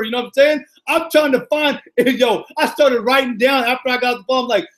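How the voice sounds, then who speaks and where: Brief: middle-aged male coach with a high voice, hyped and effusive, live pep talk to his followers. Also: normal speed, hardly any pauses, fairly bright tone. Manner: exuberant, repetitive, peppered with "yo" and "man". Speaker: motivational coach. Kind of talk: live motivational talk, greeting viewers.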